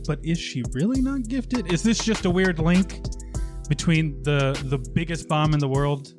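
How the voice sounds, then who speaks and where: A man's voice: fairly high pitch, normal speed, music in the background. A man co-hosting a casual podcast chat, rambling and hesitant as he lays out a theory. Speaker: podcast co-host.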